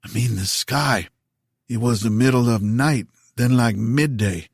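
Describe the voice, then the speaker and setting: A male narrator voicing a dazed army veteran waking up injured, his voice reedy and mumbling. Each line comes out slow and bewildered, a bit softer than the narration. Dry, close audiobook recording. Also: mid-range voice, creaky, husky, no echo. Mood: groggy. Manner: mumbling, groggy. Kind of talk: audiobook character voice.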